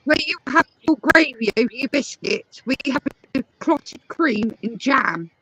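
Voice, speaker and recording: High, bright English woman chatting. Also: animated, unhurried, husky, rough recording. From England. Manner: chatty, explains at length. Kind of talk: casual chat.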